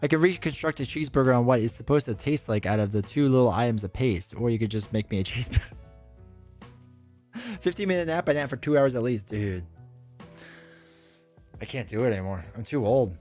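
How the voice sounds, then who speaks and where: A man's voice: medium pitch, expressive, fairly quick, a little mellow, faint music behind. Chatty man streaming live. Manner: rambling, chatty, reads chat aloud. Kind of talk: casual live-stream chat.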